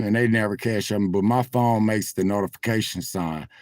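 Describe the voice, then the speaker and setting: In this dry recording, a man with a lowish, somewhat mellow voice speaks at a moderate pace. He's in his parked car at a truck stop, livestreaming on his phone and chatting directly to viewers with swells like a preacher's.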